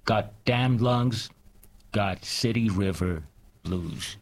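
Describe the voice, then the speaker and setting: Male poetry reader, low pitch, unhurried, measured delivery with soft falling line ends. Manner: slow, measured poetry reading with trailing soft line endings. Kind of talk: reading poetry aloud, then casual chat.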